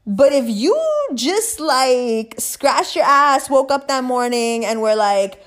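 Young woman going off on a profane rant, lotsa likes, voice a bit high. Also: slow, hardly any pauses. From South Asian heritage. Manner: profane, emphatic, many fillers. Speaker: astrology YouTuber. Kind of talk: casual rant to camera.

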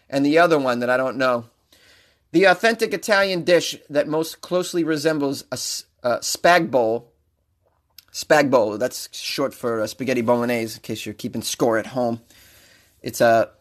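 A man's voice: a little high, a bit bright. A man hosting a comedic news podcast, rambling and joking in a self-mocking way. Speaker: podcast host.

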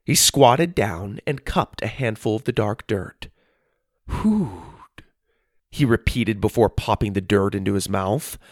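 A man reading a children's story aloud as narrator, in an expressive storytelling manner. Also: on the low side, moderate pace, hardly any pauses, no room sound, clean studio sound.

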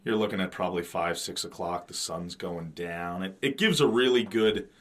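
A man's voice: sits low, moderate pace, fairly bright tone. A man in his thirties co-hosting a podcast, chatting casually about a movie with swearing, fillers and restarts. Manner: profane, rambling, frequent fillers and restarts. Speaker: podcast co-host. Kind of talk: casual movie commentary chat.

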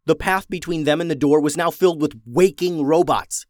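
Man, storyteller, children's story reading, expressive, suspenseful, fairly high voice, dry close recording. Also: dry recording. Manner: expressive, dramatic slowing for suspense.

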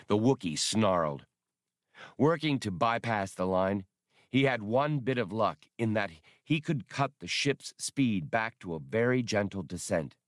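A man narrating an audiobook with an expressive, lively reading. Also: fairly low pitch, unhurried, no echo, studio quality.

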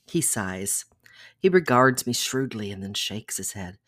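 Soft-spoken storyteller reading erotica. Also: medium pitch, animated, a little slow, no room sound, studio quality. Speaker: podcast storyteller.

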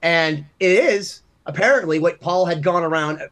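A man's voice: on the high side, moderate pace, a bit bright. A man from Massachusetts, a podcast co-host, telling rambling, self-deprecating anecdotes in casual chat. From Massachusetts, USA.

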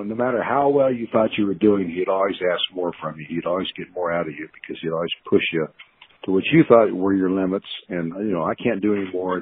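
In this storytelling interview, an older ex-football player meanders through memories with lots of fillers and laughter. His voice is low with a breathy edge, and the call sounds tinny.

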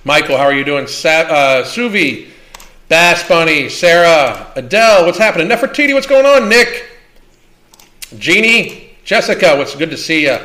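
Hosting a livestream Q&A rant, this man speaks at a moderate pace in a higher-than-average voice with lively intonation, sounding pushed and bright. He's blunt, combative, and swears freely.

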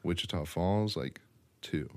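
Very deep-voiced, blunt, profane young man. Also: measured pace, noisy background. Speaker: podcast co-host. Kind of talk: casual chat.

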